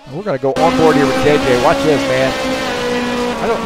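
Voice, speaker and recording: A man's voice: on the high side, measured pace, pauses often, loud music behind the voice. A man giving casual, chatty commentary on a sim race, with lots of fillers.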